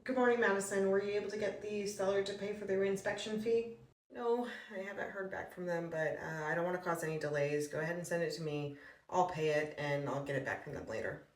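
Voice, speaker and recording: A woman plays out a string of work phone calls for a comic skit. She keeps a brisk, polite, businesslike tone, and her fairly low voice sits back from the mic in a roomy space. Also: recorded from a distance. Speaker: real estate broker. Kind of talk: comedic reenactment of phone calls.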